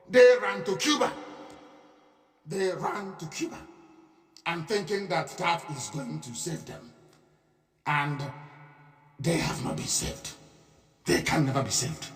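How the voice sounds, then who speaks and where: Nigerian male broadcaster, high-pitched, scornful and insistent live monologue, recorded in a roomy space at a distance. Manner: emphatic, mocking, repeats phrases. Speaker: radio broadcaster. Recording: echoey distant room with faint music.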